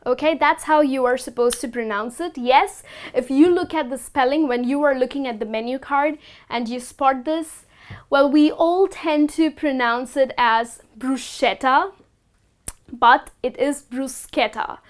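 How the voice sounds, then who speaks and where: A woman teaching the correct pronunciation of food words, speaking slowly and deliberately and repeating each word with care. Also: sits high. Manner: instructive, slow and deliberate, repeats words carefully. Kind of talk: scripted lesson to camera.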